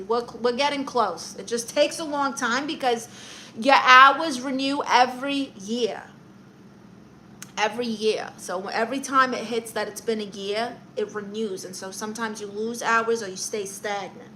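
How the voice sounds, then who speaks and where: A woman's voice: a little high, steady tone, moderate pace, pushed and bright, slight background noise, poor audio. A woman hosting a casual livestream, reading viewer comments aloud in a chatty, playful way and laughing at herself. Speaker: livestream host.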